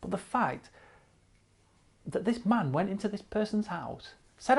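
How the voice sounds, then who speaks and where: A man hosts casual cycling news in a blunt, sarcastic way. His voice sits fairly high, and he swears freely and repeats lines for emphasis. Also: lively intonation, measured pace, creaky, long pauses, husky. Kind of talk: casual online news commentary.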